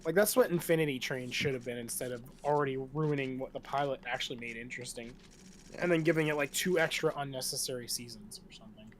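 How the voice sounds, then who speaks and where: A man's voice: medium pitch, quick pace, slight background noise. A man streaming a game, chatting loosely with friends, swearing freely and jumping between tangents. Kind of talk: casual chat during a game stream.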